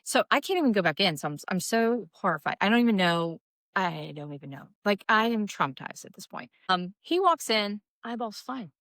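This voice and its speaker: A woman, a nurse practitioner co-hosting a podcast, telling a story with animated acted-out quotes. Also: fairly quick, no room sound. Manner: animated, acts out quotes with big pitch jumps. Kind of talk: casual storytelling chat.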